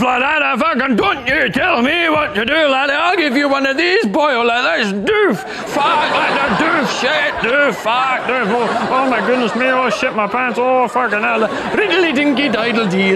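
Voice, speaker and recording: A man's voice: very high voice, pitched above the performer's own voice. An Australian man doing a put-on Scottish accent as a crude, rowdy stand-up comic who swears and cackles through a rambling story. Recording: studio stage with band and crowd noise.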